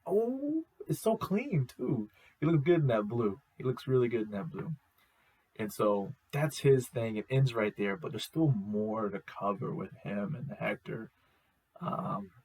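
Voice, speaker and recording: Husky-voiced excitable young man. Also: lowish voice, rough recording. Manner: excitable, repetitive, slangy. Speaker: host, reviewer. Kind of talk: casual enthusiastic show review.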